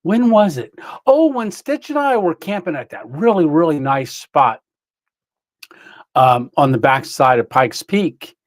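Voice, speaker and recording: A man's voice: on the high side, lively intonation, measured pace, no echo. A man hosting a casual livestream, rambling through a story with lots of fillers and chuckles while greeting viewers. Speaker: livestream host.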